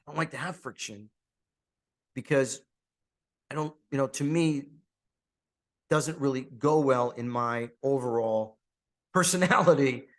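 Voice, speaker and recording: A man's voice: medium pitch, unhurried, long pauses. A man hosting a podcast alone, talking in a friendly, outgoing, conversational way with restarts and fillers. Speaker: podcast host; real estate agent. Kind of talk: casual monologue.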